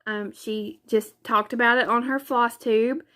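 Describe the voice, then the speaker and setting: A woman's voice: on the high side, fairly even intonation, measured pace, sharp tone. A woman, chatting casually in a craft vlog, gushing and exclaiming often. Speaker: craft vlogger. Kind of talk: casual chat.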